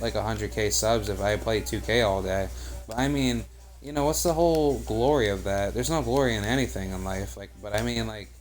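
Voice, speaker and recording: Rambling, profane young man. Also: fairly low pitch. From United States. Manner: rambling, profane, heavy on "like" and "you know". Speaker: video game streamer. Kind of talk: live gameplay commentary and casual chat.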